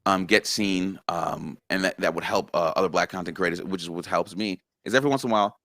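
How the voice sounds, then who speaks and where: Low-voiced man explaining earnestly. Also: quick pace, pushed and bright, no room sound, clean studio sound. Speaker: guest content creator. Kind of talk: casual interview chat.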